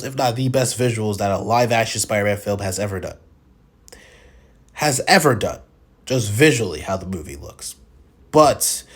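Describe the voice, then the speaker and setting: Animated man giving a rambling movie critique. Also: medium pitch. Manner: rambling, animated, opinionated, with frequent restarts. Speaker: film reviewer. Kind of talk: casual spoken film commentary.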